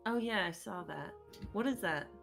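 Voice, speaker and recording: A woman playing in a tabletop game, answering softly and briefly. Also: mid-range voice, expressive, moderate pace, vocal fry, over loud music. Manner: soft-spoken, brief replies. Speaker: player. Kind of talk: casual tabletop play.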